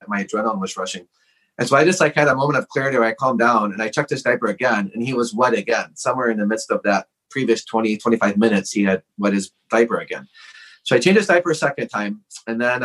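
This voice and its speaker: A man's voice: mid-range voice, fairly bright tone, poor audio. Earnest man telling a personal story. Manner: earnest, frank, peppered with "like". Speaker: podcast guest.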